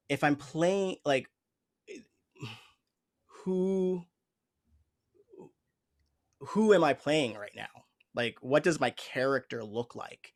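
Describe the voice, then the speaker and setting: This is a male host and improv teacher in a conversational interview, with an ordinary mid-range pitch. He speaks earnestly and reflectively. He often pauses and restarts while he works out what he means. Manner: reflective, earnest, searching for words.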